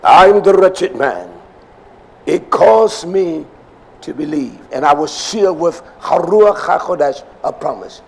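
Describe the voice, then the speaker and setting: Older man, preacher, gravelly voice, husky tone, loud-to-whisper sermon delivery. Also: on the high side, lively intonation, takes it slowly, rough recording. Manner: preaching with swings from loud emphasis to near whispers.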